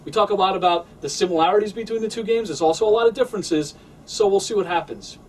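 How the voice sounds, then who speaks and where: A man's voice: high-pitched, quick pace. Young man, sports host, analytical, faint noise, distant mic. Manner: steady, analytical.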